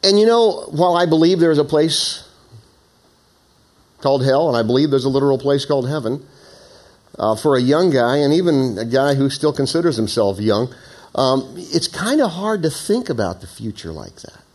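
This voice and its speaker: A middle-aged man preaching a sermon, telling a story and reading scripture, dropping to hushed low lines and rising to loud, high emphasis. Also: lively intonation, moderate pace. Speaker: pastor.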